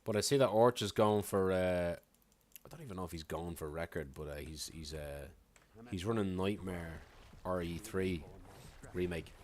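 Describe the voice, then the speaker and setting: A man's voice: sits low, moderate pace. A man streaming a speedrun, chatting casually with his viewers between moves and sounding tired. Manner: chatty, rambling, answering chat between moves. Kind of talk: casual live-stream chat while gaming.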